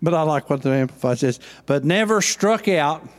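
A man's voice: fairly high pitch, lively intonation, normal speed. Impassioned older man preaching. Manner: impassioned preaching, swings from loud to hushed. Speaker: pastor. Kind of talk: sermon.

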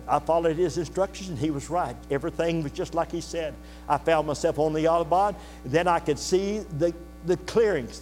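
An older man preaching a sermon to his congregation, telling a story in a folksy, earnest way and pausing to ask the listeners questions. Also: a little high, a little mellow. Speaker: pastor. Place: church sanctuary. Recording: reverberant hall with faint mains hum.

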